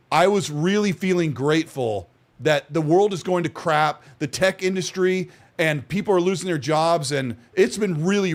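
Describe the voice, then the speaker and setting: A man hosting a casual gaming podcast, talking defensively with frequent restarts. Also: a little high. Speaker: podcast host.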